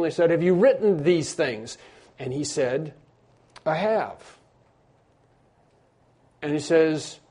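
A man delivers a sermon as a story, his voice mellow and a little high for a man. He drops to near-whispers and then builds to emphatic lines, often stumbling over and repeating his words. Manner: earnest storytelling, swings between hushed and emphatic. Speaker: preacher.

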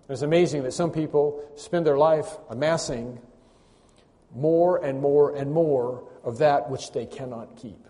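A man's voice: mid-range voice, mellow. A man preaching a sermon, emphatic and building to a raised voice at key points. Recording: long hall reverb.

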